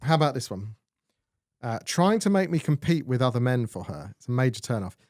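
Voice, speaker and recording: A man's voice: medium pitch, very animated, fairly quick, a little mellow, no echo, clean studio sound. A man co-hosting a casual chat, laid-back and reading out listener comments. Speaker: co-host.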